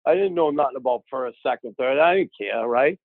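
A man telling a long casual anecdote, lively and acting out the voices of the people he quotes. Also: medium pitch, fairly quick, creaky, dry recording. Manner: animated, acts out quoted voices. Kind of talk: casual storytelling. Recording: tinny phone-like audio.

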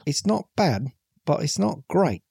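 A male podcast co-host with a husky, slightly breathy voice, bouncing around his range as he jokes. He talks in a loose, playful way, and the recording is close and dry with no room sound. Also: fairly high pitch, sing-song, unhurried, mellow, no room sound. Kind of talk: casual comedic chat.

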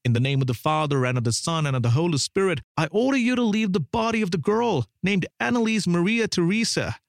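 A man doing a high, urgent exorcist priest. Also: animated, brisk, gravelly, dry recording, studio quality. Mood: commanding. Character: frantic male priest commanding a demon.

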